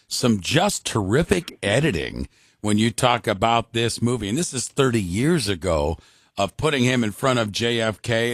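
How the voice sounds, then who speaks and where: A man's voice: lowish voice, no room sound, studio quality. A man hosting a radio show, chatting with his guest in an admiring, conversational way. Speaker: radio host. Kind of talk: radio interview chat.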